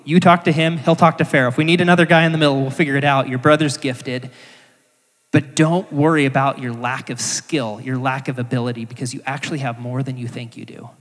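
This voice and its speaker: A preacher doing God, patient and commanding, talking plainly and reassuringly. The voice rings out with a long echo in a big hall. It sits at an ordinary middle pitch for a man. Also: steady tone, fairly quick, fairly bright tone, lightly acted. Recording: echoey church hall.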